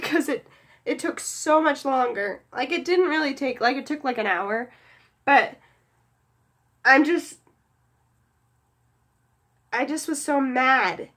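A woman's voice: sits high, fairly bright tone, poor audio. A woman gaming YouTuber doing let's play commentary, dramatic and exasperated, talking to her viewers. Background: video game music.

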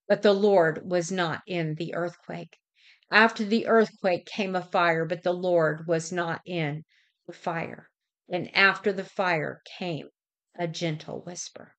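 A middle-aged woman hosting a devotional, reading in a measured, deliberate way and sometimes correcting herself. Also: on the low side. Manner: measured, deliberate delivery with occasional self-corrections. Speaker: devotional host.

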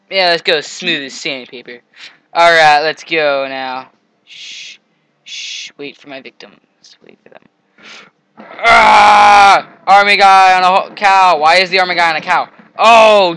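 A man playing a video game and commenting, excitable, often shouting and taunting the enemies on screen. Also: high voice, clear, resonant tone, rough recording. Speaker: gamer. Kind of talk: let's play commentary.

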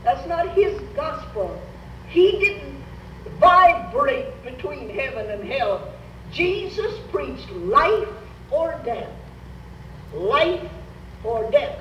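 An older woman preaches in a high, melodic voice that rises and falls widely, taking her time over each phrase. She urges the congregation to repeat after her. The recording is distant and roomy with a faint hiss. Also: sing-song, very slow, a bit bright. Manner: emphatic, urging the congregation to repeat phrases aloud. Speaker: Pentecostal Bible teacher. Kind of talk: sermon. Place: church meeting. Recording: roomy church hall, recorded from afar, faint noise.

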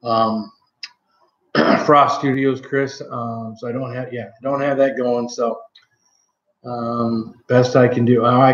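Rambling man on a live stream. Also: mid-range voice. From Michigan, USA. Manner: rambling, many ums and self-corrections. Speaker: channel host. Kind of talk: casual live-stream chat. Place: home. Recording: roomy, slightly dull home audio.

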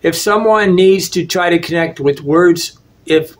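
A man's voice: high-pitched, measured pace. Rambling opinionated American man. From United States. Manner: opinionated, rambling with frequent restarts and "okay?" checks. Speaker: travel vlogger. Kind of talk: casual spoken monologue.

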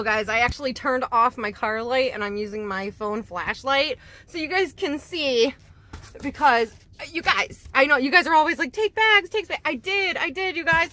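A middle-aged woman vlogging casually, excitable and gushing, often giggling, first from a car at night, then at a table indoors. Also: high voice. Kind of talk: casual vlog chat.

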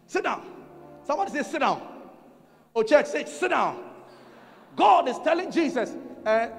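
A man with a Ghanaian accent preaching a sermon at a conference, driving points home by repeating them and calling for the congregation to respond. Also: very high-pitched. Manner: emphatic repetition and call-and-response with the congregation. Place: large conference hall. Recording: reverberant hall, faint music behind.

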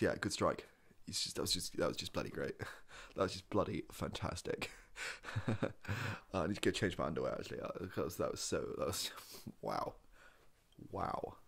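A man voicing a giddy, starstruck young fan in whispered role-play. He gushes in a fast, breathless rush. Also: low voice, vocal fry, pitched below the performer's own voice, heavily acted.

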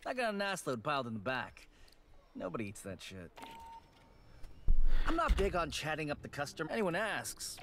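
A man voicing a gruff, blunt male vendor in a video game, talking in a curt, dismissive way. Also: on the high side, wildly swooping pitch, moderate pace, pauses often. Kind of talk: video game character dialogue. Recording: game audio over noisy crowd.

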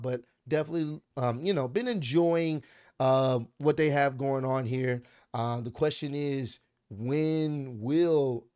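Excitable young man recapping wrestling. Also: on the high side, no room sound, studio quality. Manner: excitable, animated play-by-play with swearing and slang.

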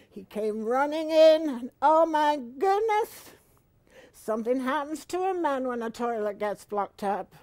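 A woman in her seventies hosting a comedy segment, telling a homey story in a chatty way that climbs to shouts when she acts it out. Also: sits high, dry recording. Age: 70s. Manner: slow, chatty, rising to shouted retellings. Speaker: comedy show host. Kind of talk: comic storytelling to camera.

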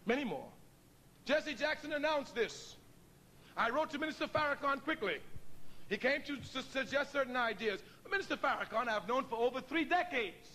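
A man's voice: very high voice, bright, forceful tone, rough recording. A middle-aged man giving a public speech to an audience, telling stories, laughing often and acting out the voices of people he quotes. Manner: storytelling, laughs often, acts out quoted dialogue. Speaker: speaker addressing an audience.

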